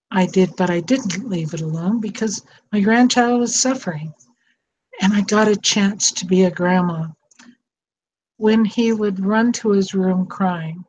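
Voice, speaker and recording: The recording is muffled, with slight background noise and the echo of an online call microphone. Through it comes an older woman's medium-pitched, darkish voice as she earnestly recounts being a grandmother, speaking on estranged parents.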